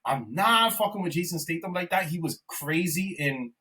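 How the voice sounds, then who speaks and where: A young man co-hosting a podcast in casual, animated chat, swearing often and calling his friend "bro". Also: a little high, moderate pace, far from the mic. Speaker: podcast co-host.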